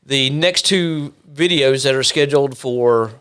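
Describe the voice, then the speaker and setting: A man's voice: mid-range voice, measured pace, a bit bright, smooth. A man, co-hosting a podcast in casual, jokey chat and often steering the talk back on track. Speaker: podcast co-host.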